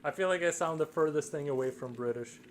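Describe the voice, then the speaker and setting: A man's voice: fairly high pitch, quick pace, slight background noise. A man from Belarus with a Belarusian accent, chatting casually and rambling while drawing on a live stream. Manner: relaxed, rambling, trailing off.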